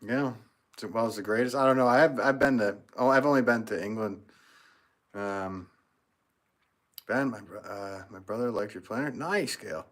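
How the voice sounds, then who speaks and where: A man's voice: on the low side, normal speed, pauses often. A man with an American accent hosting a casual pottery livestream, reading out viewer comments and joking with a frequent chuckle. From United States. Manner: jokey, chuckles often.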